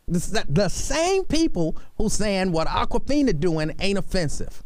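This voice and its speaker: A man hosts a radio talk show with a lively, swooping voice that sits a little high for a man. He argues in a mock-serious, animated way, close to a dry studio mic. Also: unhurried, no echo. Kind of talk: casual talk radio banter.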